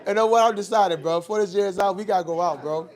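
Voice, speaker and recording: A man's voice: high voice, fast talker, faint music behind. A man hosting a casual talk show, blunt and teasing, with a lot of swearing. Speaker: podcast host. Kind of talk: casual chat.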